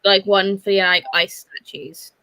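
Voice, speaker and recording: Woman host, bright and animated, chatty livestream energy. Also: medium pitch, a little slow, smooth, low-quality recording. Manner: bubbly, animated, reads chat comments aloud. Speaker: host of a reading stream. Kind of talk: casual chat.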